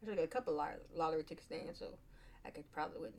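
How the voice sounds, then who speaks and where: A woman's voice: low-pitched, very fast, darkish tone. A woman vlogger talking to camera in a casual, rambling monologue. She is chatty and self-deprecating, and often trails off and restarts her sentences.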